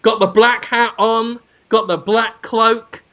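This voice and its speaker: A man's voice: very high voice, slow, highs cut off. A man, a podcast co-host telling a crude comic story with energy. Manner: energetic, crude, hums tunes. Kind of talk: comedic storytelling chat.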